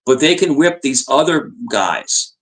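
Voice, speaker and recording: A man's voice: on the high side, animated, measured pace, a bit bright. Repetitive, profane man in casual chat. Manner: profane, repeats himself. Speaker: podcast guest.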